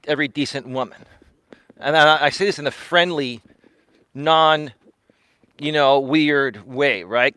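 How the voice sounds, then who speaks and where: A coach streams live while walking outdoors, addressing his viewers directly in a casual livestream monologue. The voice is a little high and fairly bright, with a dry, close recording. He speaks emphatically, says words over again, checks in with "right?" a lot, and laughs frequently.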